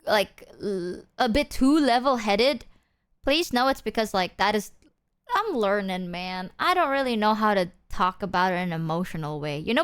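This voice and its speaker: Animated high-voiced woman streamer. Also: clear, resonant tone. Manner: candid, self-deprecating, swears casually; restarts and filler-heavy. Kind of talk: casual chat with viewers.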